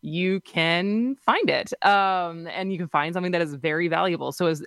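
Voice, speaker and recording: A woman's voice: fairly low pitch, moderate pace, fairly bright tone, dry recording. A woman in her thirties co-hosting a radio show, telling stories in a chatty way. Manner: chatty, storytelling with fillers. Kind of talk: casual radio chat. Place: radio studio. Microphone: studio microphone.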